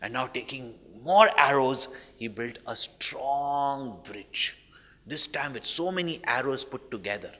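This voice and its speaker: In a long-reverb hall, a spiritual teacher narrates stories as part of a discourse, constantly asking "hmm?" and "no?" to keep listeners with him. He speaks in a mid-range voice at a measured pace, his tone bright and forceful.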